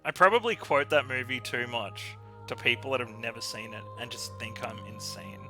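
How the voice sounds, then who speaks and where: A man's voice: medium pitch, normal speed. A man co-hosting a game video, chatting casually and acting out funny scenes with frequent laughter. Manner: animated storyteller, laughs often, acts out quotes. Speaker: let's play co-host. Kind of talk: casual chat over gameplay. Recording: music bed behind voice.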